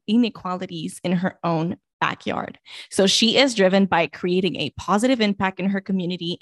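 A woman's voice: mid-range voice, no echo, studio quality. A woman co-hosting a podcast, chatty and bubbly, often laughing at herself as she introduces guests. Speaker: podcast co-host. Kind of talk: casual podcast chat.

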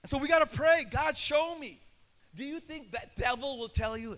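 A young adult male pastor with a Filipino accent, preaching a passionate sermon that builds to shouts and slips into Tagalog. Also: very high voice, moderate pace, background noise.

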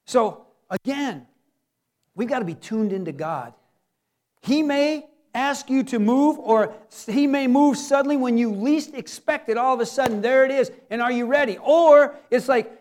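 A man with a high voice preaches a lively sermon. He plays out people's inner thoughts in quick asides. His talk is pastoral and animated.

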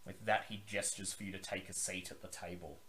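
A man narrating a tabletop game as game master, measured and descriptive. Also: sits low, level tone, pushed and bright, slight background noise.

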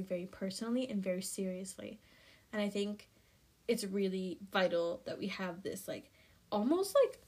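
A woman's voice: medium pitch, breathy edge. Chatty young woman recapping a book. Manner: animated, chatty, laughs often, says "like" a lot. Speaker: podcast host. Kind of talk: casual book recap podcast.

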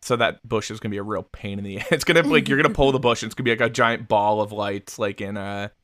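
A man's voice: lowish voice, quick pace, fairly bright tone, no echo, clean studio sound. A young man co-hosting a podcast, chatting casually in a rambling, laid-back way with plenty of swearing. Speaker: podcast co-host. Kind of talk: casual chat.

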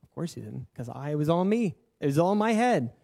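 A man's voice: a little high, big pitch swings, fast, vocal fry, mellow. A young man preaching a sermon, telling a personal story in an earnest, conversational way with lots of filler words. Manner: earnest and confessional. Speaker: pastor.

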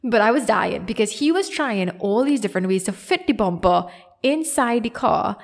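A young woman with a Trinidadian accent, hosting a podcast and telling a story in a casual, animated, self-deprecating way. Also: fairly high pitch, moderate pace, creaky. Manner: animated, self-deprecating, acts out quoted voices. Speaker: podcast host.

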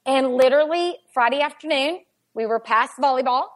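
Woman, 40s, podcast guest; slightly high voice, chatty, animated storytelling full of "like". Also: a little fast. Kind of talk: casual storytelling chat.

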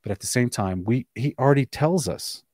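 A man hosting a casual live-streamed discussion, reading scripture aloud in between quick restarts and short chuckles. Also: medium pitch, expressive, a little mellow, no room sound, studio quality. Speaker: host.

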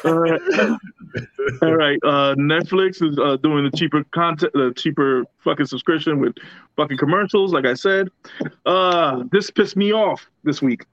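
A man's voice: fairly high pitch, a little slow, a bit bright, no echo, lo-fi sound. A man hosting a podcast in casual chat, blunt and profane as he runs through the topics. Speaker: podcast co-host.

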